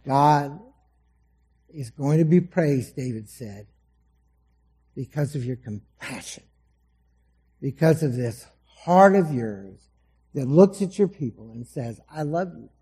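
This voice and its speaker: A man preaching a sermon to a congregation, dramatic, acting out the voices he quotes and swinging between loud emphasis and soft, low asides. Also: expressive, takes it slowly, pauses often, breathy edge. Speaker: pastor. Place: church hall before a congregation.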